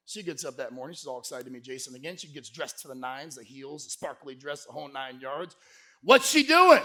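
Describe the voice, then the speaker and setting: A man giving a lively motivational sales keynote to a live conference crowd, telling stories and pushing the audience to shout answers back. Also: mid-range voice, fast. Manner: energetic, crowd call-and-response; folksy, peppered with "right?". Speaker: sales speaker.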